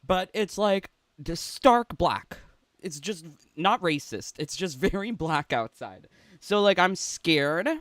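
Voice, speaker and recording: A man's voice: high-pitched, expressive, slow, a bit bright, no echo. A man ranting in a sarcastic, rambling, giggly way from his home in a casual gaming vlog. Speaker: gaming YouTuber. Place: home room.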